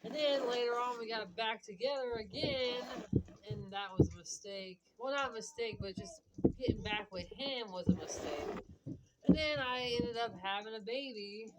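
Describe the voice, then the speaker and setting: A woman's voice: on the high side, expressive, normal speed. A woman telling a long personal story in a casual, rambling way, full of "like" and "whatever" and quoted back-and-forth. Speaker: vlogger. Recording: loud background clicking noise.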